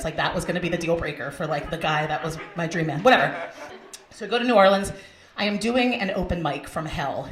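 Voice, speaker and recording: A brash woman works a comedy club crowd with crude stand-up. Her voice sits a bit low, and it rings around a roomy club. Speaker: stand-up comedian hosting a show.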